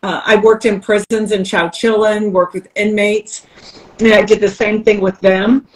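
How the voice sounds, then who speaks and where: This podcast guest, a coach, has a mid-range voice and talks at a normal speed, though the audio is poor. She tells candid, lively stories in conversation, laughing along and performing the voices of the people she quotes.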